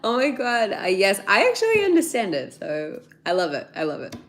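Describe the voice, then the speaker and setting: A woman's voice: mid-range voice, huge pitch swings, brisk, fairly bright tone. A woman in her thirties with an Australian accent, chatting casually with viewers, laughing often as she answers their questions. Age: 30s. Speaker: YouTuber.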